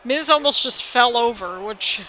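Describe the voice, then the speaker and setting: A woman giving excited, anxious play-by-play commentary over a wrestling video game, exclaiming often and talking to viewers as "people". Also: on the high side, measured pace, a little hiss or hum, poor audio. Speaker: gaming video host.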